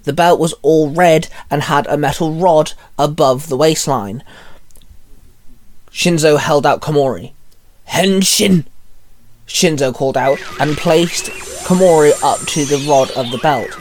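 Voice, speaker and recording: A man's voice: on the high side, a little slow, a little mellow. A man reading a fan story aloud in a casual way, with small slips and restarts.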